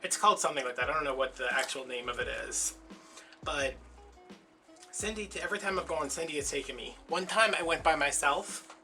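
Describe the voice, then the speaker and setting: A man's voice: a little high, brisk, sharp tone, faint music behind. A man chatting casually while he makes a craft, telling stories and acting out the voices of people in them. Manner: chatty storyteller, acts out quoted voices. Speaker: crafting vlogger.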